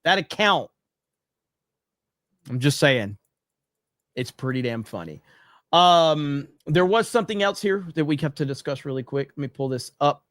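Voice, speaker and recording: A man hosting a livestream, reading chat messages and riffing on them in a loose, swearing, laugh-prone way. His voice sits a little high for a man. The sound is dry and close, with no room echo. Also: lively intonation, unhurried, pauses often, a bit bright. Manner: loose and profane, laughs often. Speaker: podcast host reading viewer chats.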